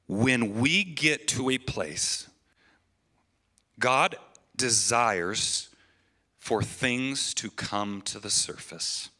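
A man's voice: lowish voice, pushed and bright. A man in his thirties giving an earnest, emotional testimony in a church sermon, often restarting his phrases. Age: 30s.

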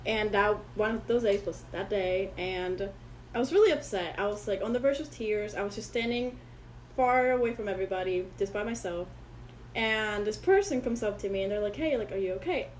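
A woman's voice: medium pitch, moderate pace, a little hiss or hum, poor audio. A woman whose first language is Spanish, a guest in a casual interview, telling rambling stories and acting out what other people said. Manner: rambling storyteller who acts out quoted people.

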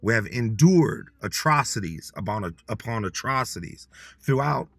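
A man's voice: medium pitch, expressive, moderate pace, gravelly, fairly bright tone, breathy edge. A man giving a casual motivational talk, slangy and repetitive, coaching listeners to repeat words with him. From Dakota people. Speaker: motivational speaker teaching Dakota words.

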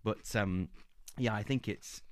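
A low-pitched man co-hosting a podcast, talking eagerly and rambling, full of ums and false starts. His voice is close and dry. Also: slow pace, no echo. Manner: enthusiastic, rambling with many fillers and restarts. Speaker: podcast co-host. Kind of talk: casual book-club chat.

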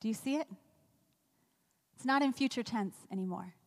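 Woman pastor, fairly high voice, casual sermon delivery, recorded in a reverberant sanctuary. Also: normal speed. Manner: conversational preaching with rhetorical questions.

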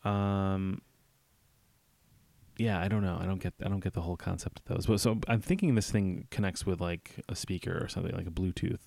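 Male podcast co-host, deep and gravelly, relaxed, rambling, joking delivery. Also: brisk. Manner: laid-back, rambling, joking. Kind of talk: casual chat.

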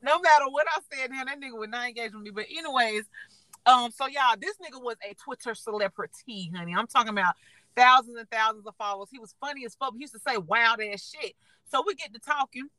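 A woman's voice: a little high, fast talker, bright, forceful tone, no echo, poor audio. A young woman, chatting frankly and profanely as a podcast co-host, often laughing as she tells stories. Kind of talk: casual chat.

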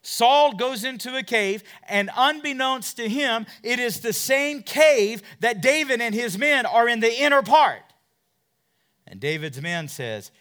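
A man preaching a sermon and retelling scripture stories, swinging from loud, urgent passages to hushed asides and asking his listeners question after question. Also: very high voice, lively intonation, normal speed, clean tone. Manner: asks the listeners many questions.

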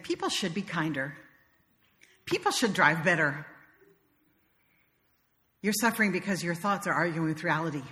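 A woman's voice: fairly low pitch, bright, forceful tone, big-room sound. A woman minister from the South, preaching a sermon in a wry, conversational storytelling manner. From American South.

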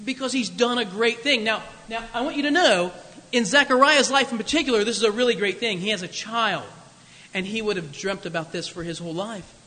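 High-voiced preacher in a big hall. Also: male voice, brisk, sharp tone. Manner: conversational, jokey, many asides. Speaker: pastor. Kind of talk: sermon.

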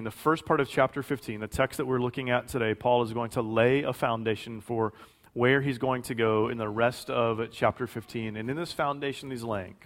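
Man, 40s, mid-pitched; pastor preaching in a relaxed conversational way with frequent restarts. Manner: conversational, repeats words and self-corrects, varies volume for emphasis. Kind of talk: sermon.

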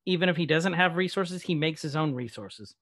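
Animated man co-hosting a podcast. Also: a little high, a little fast. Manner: animated, playful, laughs often. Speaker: podcast co-host. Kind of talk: casual chat.

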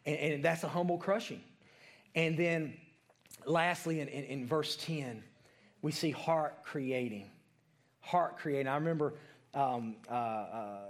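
A young adult man preaching a sermon, telling a personal story in an animated way and calling on people in the congregation by name. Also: mid-range voice.

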